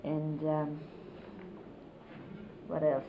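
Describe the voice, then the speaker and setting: A middle-aged woman casually reminiscing, explaining hand gestures in an unhurried, conversational way and often quoting others. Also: low voice, completely flat delivery. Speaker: interviewee recalling life with a spiritual teacher. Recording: lo-fi 1970s videotape, faint hiss.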